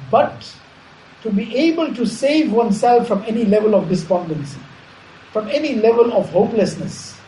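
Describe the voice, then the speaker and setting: A man giving a measured Islamic sermon, repeating phrases and explaining Arabic terms. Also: very high voice, dark tone, a little hiss or hum. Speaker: Islamic preacher. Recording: echoey room, faint ambience.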